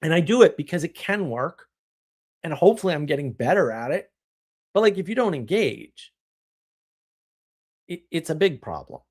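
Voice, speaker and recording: Animated, opinionated male live-streamer. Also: fairly high pitch, moderate pace, pauses often. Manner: animated, opinionated, rambling with restarts. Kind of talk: casual live-stream talk answering chat.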